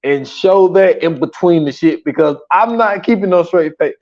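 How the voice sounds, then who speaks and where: A man's voice: a little high, normal speed, dull audio. A man co-hosting a podcast, animatedly retelling comedy scenes in casual chat. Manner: animated, retells scenes doing the characters' lines, laughs a lot. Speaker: podcast co-host. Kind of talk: casual movie-recap chat.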